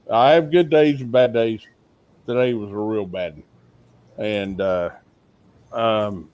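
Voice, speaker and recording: A man's voice: on the low side, darkish tone. A man, chatting on a live stream and telling long, rambling stories with frequent laughs. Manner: rambling storyteller who laughs often. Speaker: co-host of a shooting livestream. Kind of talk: casual live-stream chat.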